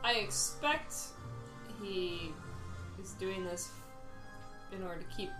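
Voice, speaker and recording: A woman's voice: mid-range voice, slow, roomy sound, over music, rough recording. A woman at a tabletop game, asking pointed questions. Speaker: player. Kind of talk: in-character tabletop play.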